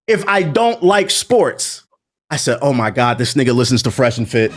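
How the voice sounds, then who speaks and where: A man ranting to his stream chat in a high voice that swoops up and down. He talks in a profane, indignant and animated way. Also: moderate pace. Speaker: gaming content creator.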